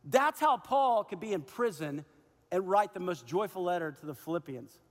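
A man preaching to his church in a bright, high voice, chatty and animated. He breaks into acted-out exchanges to make his points. The sound carries the long reverb of a big church hall. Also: normal speed. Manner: energetic, conversational preaching with acted-out dialogue. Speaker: pastor. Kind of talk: sermon. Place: church auditorium.

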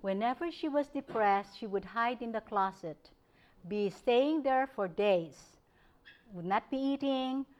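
A woman giving a public lecture, telling stories from her practice in an animated way, often breaking into laughter. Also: on the high side, highs cut off. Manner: animated storytelling, frequent laughter. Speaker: guest speaker. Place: lecture hall.

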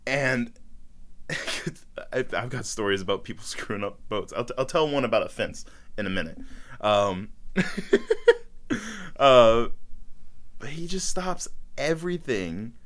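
Animated young man telling stories. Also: mid-range voice, a little slow, pauses often. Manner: laughs often, animated storytelling. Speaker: podcast co-host. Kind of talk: casual chat.

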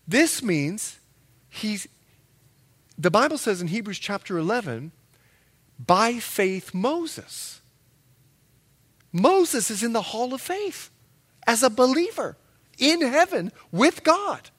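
A male pastor preaching a sermon, telling stories with lively acted-out quotes and emphatic, loud peaks. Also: extremely high pitch, measured pace, breathy edge. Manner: animated storytelling with acted-out quotes.

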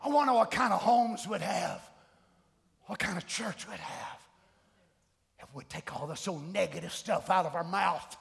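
A middle-aged man preaching a sermon, shouting fervent declarations between folksy asides. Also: sits high, normal speed, creaky. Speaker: pastor. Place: church sanctuary. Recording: long church hall reverb.

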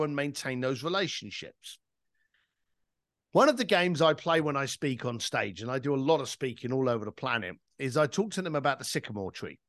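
A man's voice: on the high side, a bit bright, no echo, clean studio sound. A middle-aged man from East London, telling stories as a podcast guest in an emphatic, casual way with some swearing. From East London, England. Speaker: podcast guest, entrepreneur and speaker. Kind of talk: conversational interview storytelling.

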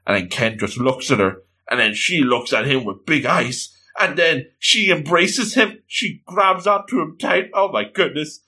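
A man reading a comic book aloud, with animated, laughing comic asides and exclamations. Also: fairly high pitch, measured pace, hardly any pauses, breathy edge. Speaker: reader and commentator. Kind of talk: comedic comic-book read-along.

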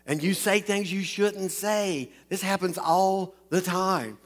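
A man's voice: high-pitched, slow pace. A man preaching a sermon, joking and chatting with the crowd in front of him. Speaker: pastor. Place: large hall with an audience. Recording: long hall reverb.

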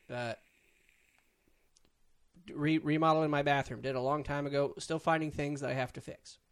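A man co-hosting a casual comedy podcast, teasing his co-host and laughing often. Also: medium pitch.

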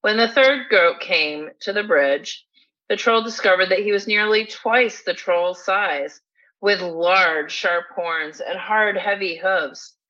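A woman's voice: medium pitch, slow pace, pushed and bright. A woman reading a satirical fable aloud in a dry, mock-formal storytelling manner. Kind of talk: scripted storybook narration. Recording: dull lo-fi recording.

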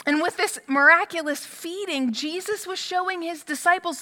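A woman preaching a sermon in a conversational, animated storytelling manner. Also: extremely high pitch, moderate pace, hardly any pauses, in a large hall.

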